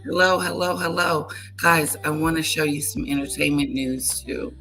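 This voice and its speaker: A woman's voice: low voice, moderate pace, sharp tone, faint music behind. A woman hosting a casual livestream, chatting to viewers and repeating greetings to them. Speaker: livestream host. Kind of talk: casual live-stream chat.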